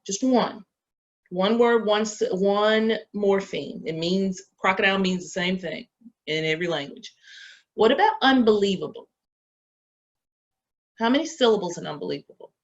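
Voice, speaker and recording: A woman education professor teaches a reading lesson to teacher candidates, posing questions and answering them herself. Her mid-range voice is expressive and moderately paced, with long pauses, and the lecture recording sounds dull and lo-fi.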